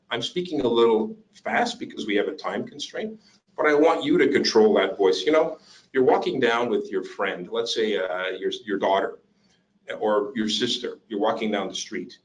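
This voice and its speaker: A man presenting an interactive workshop, animated and coaxing the audience to join in. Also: fairly low pitch, moderate pace, low-quality recording. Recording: online webinar.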